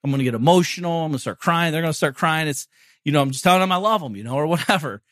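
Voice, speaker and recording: A man hosting a podcast delivers a brash, swearing pep talk in a casual monologue. His voice sits a little high for a man. The sound is dry and close, with no room around it. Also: lively intonation, very fast, fairly bright tone, dry recording. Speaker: podcast host.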